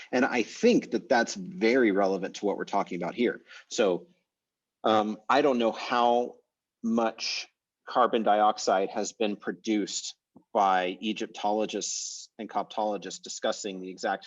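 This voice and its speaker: Husky low-voiced man on a call. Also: distant mic. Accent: American English. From United States. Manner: chatty, rambling, many fillers. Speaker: online language course teacher. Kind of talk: casual online class discussion. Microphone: video call. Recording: muffled video call audio.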